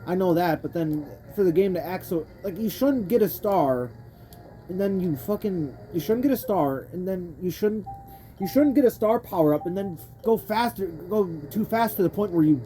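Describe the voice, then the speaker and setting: A young woman's dark-toned, expressive voice sits on the low side and moves at a moderate pace as she plays a racing game. Her let's play commentary is a frustrated, profanity-filled, rambling rant full of self-interruptions, set against faint game music.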